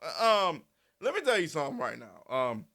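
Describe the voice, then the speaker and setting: Animated man in casual commentary. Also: a little high, normal speed. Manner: animated, repetitive, swears freely. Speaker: commentary channel host.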